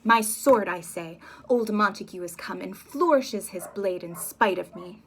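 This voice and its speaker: A woman voicing a hot-tempered old male lord who angers quickly and barks demands. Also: mid-range voice, a little hiss or hum, lightly acted. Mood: angry. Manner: demanding, angry.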